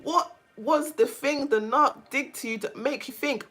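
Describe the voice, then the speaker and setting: A woman vlogger talking casually to her viewers, animated and emphatic, often repeating phrases for stress. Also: fairly high pitch, moderate pace, few pauses, breathy edge, faint music behind. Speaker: vlogger, self-care coach. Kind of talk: casual chat to camera.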